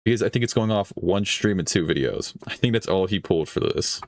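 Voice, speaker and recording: A man's voice: low-pitched, lively intonation, brisk, no echo, clean studio sound. A man hosting a stream, reacting in casual commentary, rambling, swearing and laughing as he talks. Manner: rambling, swears often, laughs mid-sentence. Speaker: streamer host reacting to a video.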